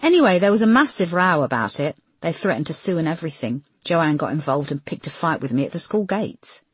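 A grieving young mother, tense and defensive, as a woman narrator puts her on. Her husky voice climbs high when she protests and swings widely in pitch. The recording is close and dry. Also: sing-song, a little fast, no room sound, heavily acted. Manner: emotional, higher and louder.

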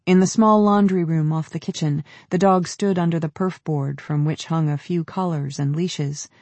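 A man narrating an audiobook in a measured, descriptive storytelling manner. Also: fairly high pitch, steady tone, darkish tone, no echo. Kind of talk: scripted narration.

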